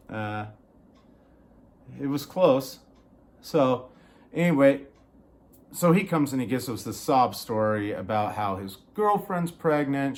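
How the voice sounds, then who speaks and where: A man's voice: medium pitch, a little mellow. A man in a small studio apartment, telling a story in a heated, casual rant. He swears often and acts out what other people said. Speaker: vlogger.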